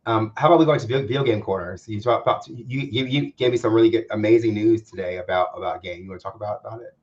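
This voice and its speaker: A man co-hosting a casual chat show, quick and excitable, repeating words as he talks. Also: lowish voice, muffled recording. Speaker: co-host.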